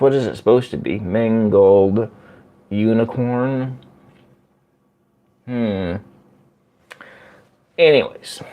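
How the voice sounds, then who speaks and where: A man hosting a casual livestream from home, chatting slowly and rambling as he answers viewer comments. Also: on the low side, vocal fry, darkish tone. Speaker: livestream host. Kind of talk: casual live-stream chat with viewers. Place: at home by a window.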